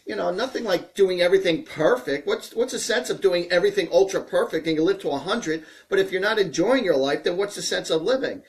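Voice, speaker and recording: A man hosting a live stream, answering viewer questions in a chatty, rambling, joking way that grows animated as he gets excited. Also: high-pitched, a little fast, hardly any pauses. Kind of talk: casual live-stream talk.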